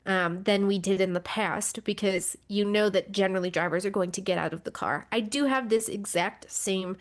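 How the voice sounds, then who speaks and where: A woman's voice: medium pitch, moderate pace. Chatty woman podcast co-host. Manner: conversational, with frequent fillers and restarts. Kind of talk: casual chat.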